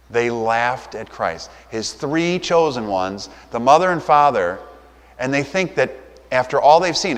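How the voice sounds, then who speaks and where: Conversational male pastor preaching in a reverberant church. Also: medium pitch. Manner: conversational, acts out quoted voices. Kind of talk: sermon.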